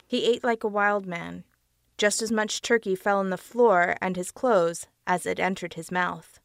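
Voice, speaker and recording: A woman narrating a dark tale for an audiobook in a measured reading. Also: medium pitch, gravelly, dry recording, studio quality. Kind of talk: storybook narration.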